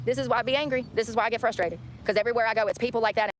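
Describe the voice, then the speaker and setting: A woman who livestreams herself, ranting at a fast clip and circling back over her own points. Her voice sits a little high. Faint background noise runs under her talk. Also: fairly even intonation. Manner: ranting, indignant, repeats herself.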